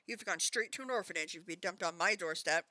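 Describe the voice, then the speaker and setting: A woman voicing a blustering, bullying middle-aged aunt in a put-on British accent, booming and barking her lines. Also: fast talker, sharp tone, no echo, rough recording.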